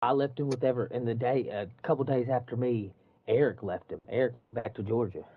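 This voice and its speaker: A man's voice: mid-range voice, a little fast. A man casually retelling a run-in at work, swearing a lot and acting out what each person said. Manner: profane, animated retelling with quoted dialogue. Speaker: construction worker telling a story. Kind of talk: casual storytelling chat. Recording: dull muffled dry recording.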